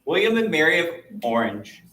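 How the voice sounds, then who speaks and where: A man's voice: fairly high pitch, sing-song, moderate pace, pushed and bright. A man teaching a history lesson in a casual, chatty way, stretching out his phrases, recorded from a distance in a classroom. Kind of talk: classroom lecture. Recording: roomy, distant mic, faint noise.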